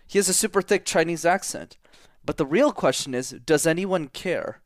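A man's voice: on the high side, normal speed, dry recording, clean studio sound. A young Canadian man whose first language is French, answering interview questions as a public speaking coach in a confident, emphatic way.

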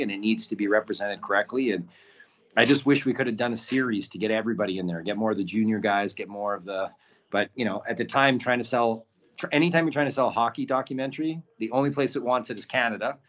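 Chatty man telling a story, lo-fi sound. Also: fairly low pitch. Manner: animated, acts out quotes, many "right?" tags. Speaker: podcast guest, documentary producer. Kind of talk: casual storytelling. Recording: dull lo-fi audio.

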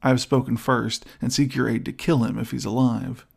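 A man's voice: mid-range voice, level tone. A man reading as a scheming vengeful nobleman. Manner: smooth, persuasive, measured arguing. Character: scheming young male nobleman, cold and vengeful. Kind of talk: audiobook character voice.

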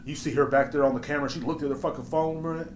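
A man hosting a podcast, telling work stories in a blunt, profane, animated rant. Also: fairly high pitch, racing, slight background noise. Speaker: podcast host. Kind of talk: casual storytelling rant. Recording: roomy echo.

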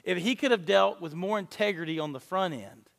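Male pastor, higher-pitched voice, animated sermon delivery, long hall reverb. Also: a little fast, gravelly. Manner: animated storytelling with acted-out dialogue.

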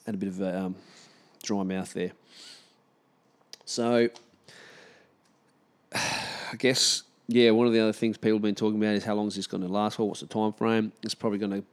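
Low-ish voice guy ranting casually, swears a lot, keeps restarting sentences. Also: gravelly, darkish tone. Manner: rambling, swears freely, frequent restarts. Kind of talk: casual opinion monologue.

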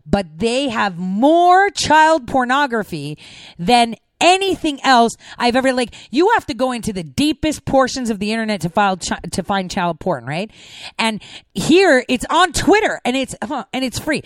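An impassioned woman commentator pours out a repetitive, outraged monologue, close to tears. Her voice sits on the high side and the sound is dry, with no room echo. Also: sing-song, moderate pace. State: near tears.

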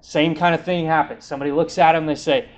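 A man's voice: fairly high pitch, fairly even intonation, quick pace. A young man preaching a sermon, retelling a scripture story in a casual, conversational way and acting out the quotes.

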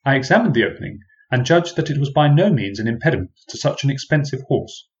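A man telling a first-person story in measured, wry, old-fashioned formal phrasing. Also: medium pitch, expressive, highs cut off.

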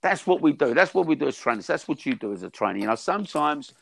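A man's voice: on the high side, very animated, quick pace, vocal fry, no room sound. An older man, a boxing trainer chatting and telling salty stories in an interview. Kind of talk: casual reminiscing interview.

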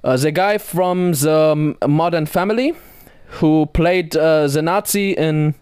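A young man co-hosting a podcast in relaxed, easygoing casual chat. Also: a little high, measured pace, smooth, no echo, clean studio sound. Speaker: podcast co-host.

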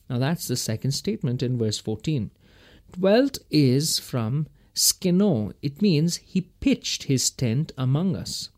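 Lively, chuckling Bible-teaching man. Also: mid-range voice, takes it slowly. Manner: folksy and emphatic, chuckling between points.

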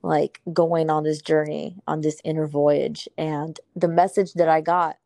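A woman's voice: deep voice, level tone, unhurried, creaky, mellow, no echo. A woman speaking as a purpose coach in a casual podcast conversation, effusive and emphatic, swearing casually.

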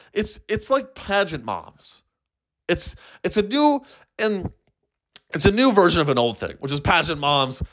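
A man's voice: medium pitch, a bit bright. A young man hosting a solo comedy podcast, who swears often and rambles with frequent false starts. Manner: profane, rambling, full of restarts.

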